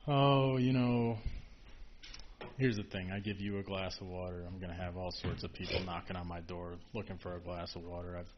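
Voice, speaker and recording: Guy doing a stingy rich guy full of excuses, low voice, dull lo-fi sound w/ faint hiss. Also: fairly even intonation, normal speed, close to an everyday voice. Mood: excusing. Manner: apologetic, making excuses. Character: stingy wealthy man refusing a beggar.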